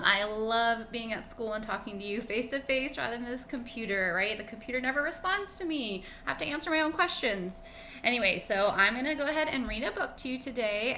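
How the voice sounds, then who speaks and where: A woman's voice: fairly high pitch, bright, forceful tone, a little hiss or hum. A woman teacher talking cheerfully and chattily to children in an online read-aloud lesson. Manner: cheerful, chatty, talks to kids.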